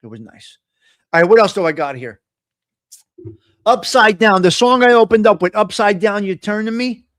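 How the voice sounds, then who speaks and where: A blunt, foul-mouthed New man holds forth on his live coffee-talk show, his voice pitched high for a man. The sound is close and dry, with no room echo. He rants in a loose, conversational way. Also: normal speed, fairly bright tone. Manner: blunt, profane, ranting. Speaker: host.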